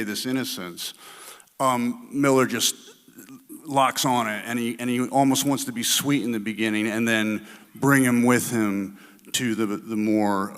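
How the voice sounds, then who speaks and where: A man answering at a film Q&A, musing and halting, with sudden dramatic swings. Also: medium pitch, a bit bright, big-room sound. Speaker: lead actor at film Q&A. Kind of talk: panel Q&A answer. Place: theater Q&A stage.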